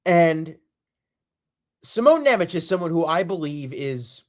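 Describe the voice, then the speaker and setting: Male podcast host, fed-up solo rant, lively swinging pitch. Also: a little slow. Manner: exasperated, repetitive, emphatic.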